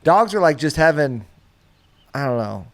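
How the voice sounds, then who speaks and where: A male podcast co-host arguing his side in a casual mock debate, persuasive and fond of dramatic pauses. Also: a little high, big pitch swings.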